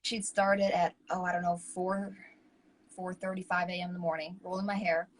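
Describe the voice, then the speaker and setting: A woman co-hosting a talk show, telling stories in a lively, chatty way. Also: on the low side, moderate pace, a little hiss or hum, low-quality recording. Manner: animated, chatty, acts out quoted people. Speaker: co-host. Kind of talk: casual chat, personal storytelling.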